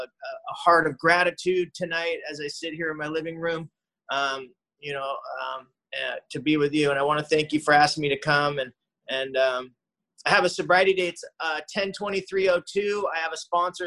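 A middle-aged man sharing his recovery story from his living room, earnest and heartfelt, halting with many fillers and restarts. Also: on the high side, steady tone, bright, forceful tone, rough recording. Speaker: speaker at a recovery meeting.

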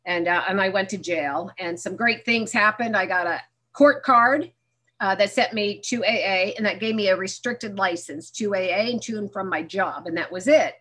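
Bright-voiced woman telling her story frankly. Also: medium pitch, moderate pace. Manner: frank storytelling, acting out remembered dialogue with self-mocking humor. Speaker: speaker sharing her story at a recovery meeting. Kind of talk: candid personal testimony.

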